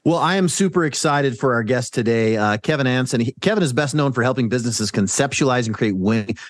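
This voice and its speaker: A man's voice: medium pitch, fast talker, no echo. A man co-hosting a podcast, upbeat and chatty, often restarting his sentences. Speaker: podcast co-host. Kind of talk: casual podcast chat.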